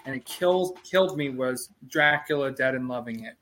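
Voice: mid-range voice, normal speed, a bit bright. A guest in a casual chat, retelling film scenes and laughing a lot.

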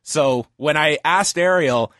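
Speaking slowly in a voice on the high side with a fairly bright tone, a man hosts a casual interview podcast. He chats enthusiastically with his guest, and the clean studio recording has no room sound.

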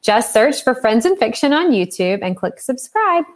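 A cheerful woman co-host with a slightly high voice that moves up and down a lot. She laughs easily in casual chat. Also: big pitch swings, normal speed.

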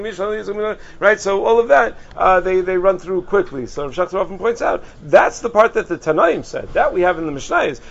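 High-voiced man giving a casual Torah lesson. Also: lo-fi sound. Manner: conversational, many fillers and restarts. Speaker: rabbi teaching halacha.

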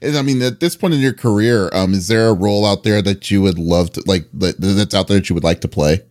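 An easygoing man interviews a guest, and his low voice sounds dry and close. He laughs often and searches for his words with fillers. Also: a little fast, darkish tone, no room sound. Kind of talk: casual interview talk.

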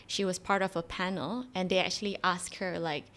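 A woman's voice: on the low side, fairly even intonation, fairly quick, a bit bright. A woman co-hosting a podcast, chatting casually and animatedly retelling a story with lots of fillers. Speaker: podcast co-host. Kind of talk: casual conversational explanation.

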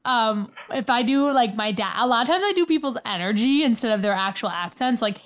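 A woman co-hosting a casual podcast chat, firing off quick guesses, swearing and joking. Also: on the high side, expressive. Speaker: podcast co-host.

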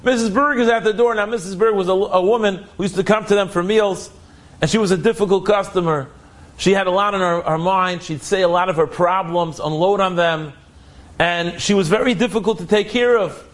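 High-voiced man telling a moral story. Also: a little fast. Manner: animated, conversational retelling. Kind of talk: religious inspirational storytelling.

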